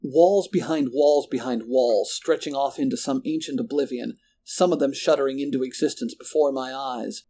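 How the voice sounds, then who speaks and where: A man reading a first-person horror story in a measured, descriptive way. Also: mid-range voice, dark tone. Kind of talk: scripted horror narration.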